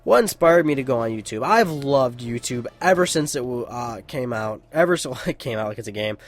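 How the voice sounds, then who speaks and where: A man's voice: mid-range voice, expressive, moderate pace. Rambling young man, gameplay commentary. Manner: rambling, chatty, swears freely. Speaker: gaming YouTuber. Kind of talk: let's play commentary.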